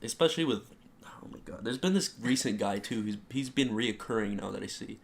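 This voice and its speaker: A man's voice: fairly low pitch, fairly quick, creaky. A young man co-hosting a podcast, casually retelling work stories and acting out the quotes with lots of "like". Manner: animated retelling, heavy use of "like", acts out quotes. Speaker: podcast co-host. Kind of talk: casual storytelling.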